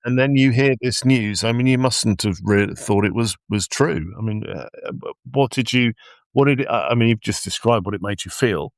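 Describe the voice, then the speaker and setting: A man hosting a podcast, asking gentle, hesitant follow-up questions. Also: lowish voice, moderate pace, no echo. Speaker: podcast host. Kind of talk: interview questions.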